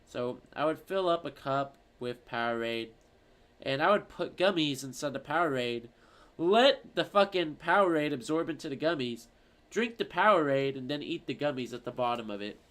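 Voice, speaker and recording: A man streaming, chatting casually and reading out viewer comments in an animated, rambling, profane way. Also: on the high side, moderate pace.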